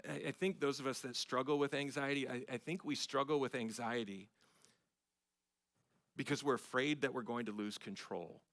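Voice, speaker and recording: A middle-aged man, a pastor, preaching a sermon with emphatic swells of loudness on key phrases. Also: mid-range voice, steady tone, normal speed. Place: church sanctuary.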